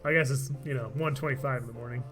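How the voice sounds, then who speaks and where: A man's voice: medium pitch, steady tone, quick pace, fairly bright tone, faint music behind. A man streaming a game live, chatting casually and laughing often, his voice tired from talking all day. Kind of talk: live gameplay commentary.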